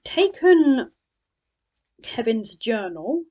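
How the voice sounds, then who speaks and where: A woman reviews a book in a chatty way, with sarcastic and scornful asides. Her pitch jumps around a lot. It sounds like casual spoken commentary. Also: big pitch swings, very slow, mellow, lo-fi sound.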